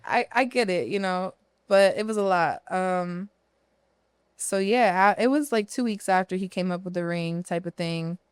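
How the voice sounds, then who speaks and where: Philly woman in her thirties, podcast guest, lowish voice, very smooth and dry, blunt and profane storyteller. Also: normal speed, dry recording. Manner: candid and profane, tells her story at length. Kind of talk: casual storytelling interview.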